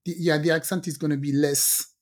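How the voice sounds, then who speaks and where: A woman's voice: deep voice, fairly quick. A woman in her fifties with a French accent, co-hosting a casual podcast chat and laughing often. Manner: animated, laughs often, acts out quotes. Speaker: podcast co-host.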